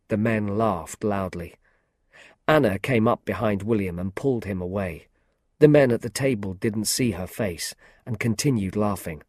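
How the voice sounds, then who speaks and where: A man narrating a story for English learners in a slow, clear, scripted manner. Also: fairly low pitch, darkish tone, no echo, studio quality.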